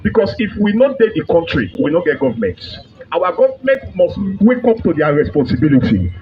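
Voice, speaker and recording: A man with a Nigerian accent rallies a street protest in a high, lively voice, declaiming and shouting his demands. He is recorded outdoors on a dull, lo-fi phone mic with faint noise behind him. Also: a little fast. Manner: fiery, declamatory, shouting slogans. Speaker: protest leader. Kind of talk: rally speech to a crowd.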